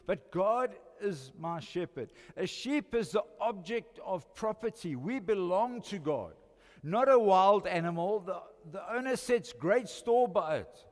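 An older man with a South African accent preaching a sermon, swinging between loud emphatic lines and quiet, intimate ones. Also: sits high. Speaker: pastor. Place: church hall. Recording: long church reverb.

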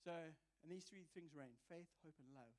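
A man's voice: a little high, normal speed, a little mellow. A man preaching a sermon, earnest and confessional, telling a personal story with self-mocking humour. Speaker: visiting preacher.

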